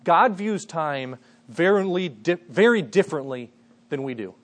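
Man preaching, thirties, earnest and conversational, somewhat high-pitched, goes quiet and hushed for stories. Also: lively intonation, unhurried. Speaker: pastor. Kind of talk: sermon.

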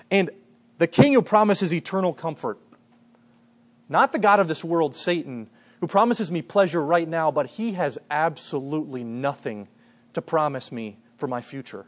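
A man in his thirties preaching a sermon, earnest and conversational, often addressing the congregation as "guys" and dropping to soft, hushed tones when telling a story. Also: fairly high pitch. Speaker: pastor.

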